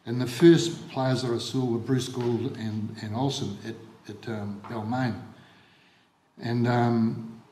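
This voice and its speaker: Older New Zealand man, halting eulogy. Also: medium pitch, fairly even intonation, mellow, a little hiss or hum. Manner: halting, repeats words, many ums. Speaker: former rugby league coach giving a eulogy. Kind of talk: funeral eulogy, reminiscing. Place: funeral service hall. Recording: echoey hall on livestream.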